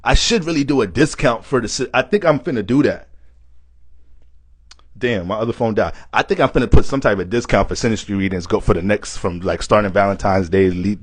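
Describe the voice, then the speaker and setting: A young man giving a casual astrology reading, animated and joking, swearing often, and tired from lack of sleep. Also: on the low side, dry recording. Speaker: astrology reader.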